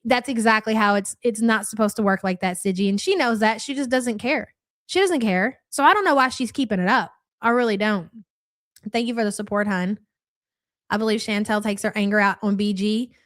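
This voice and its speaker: A woman's voice: medium pitch, fairly quick, fairly bright tone, no room sound, studio quality. A woman hosting a live reaction stream, talking casually and bluntly with a sarcastic edge as she answers viewer chats and calls them "hun".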